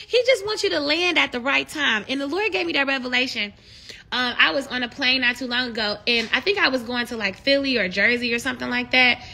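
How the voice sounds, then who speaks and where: A young woman hosting a casual live stream, talking with fans and turning to animated, preachy encouragement. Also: fairly high pitch, brisk. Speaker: livestream host.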